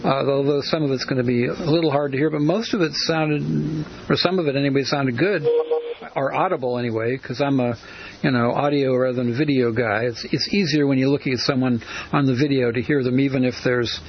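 Male talk radio host, mid-pitched voice, hesitant, lo-fi radio with hiss. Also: fairly even intonation, fairly quick. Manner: hesitant, many uh fillers. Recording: hissy lo-fi radio audio.

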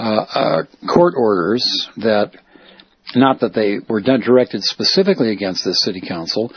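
A man's voice: lowish voice, slightly rough, no echo, muffled recording. A man, a reporter and activist, talking in a rambling, self-correcting way as he recounts and explains. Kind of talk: casual spoken monologue.

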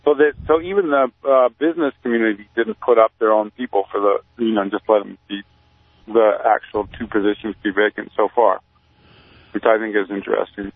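A man calling in to a radio show, talking in a halting, rambling way with deadpan satire. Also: lowish voice, no echo. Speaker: caller, community activist. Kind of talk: casual radio interview over the phone. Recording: tinny phone line.

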